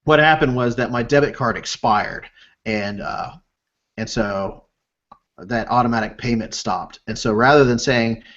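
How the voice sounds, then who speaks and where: A man of middle pitch tells a story about himself in an animated, self-deprecating way. He is a podcast co-host chatting with friends. The audio is dull and lo-fi. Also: a little slow. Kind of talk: casual storytelling chat.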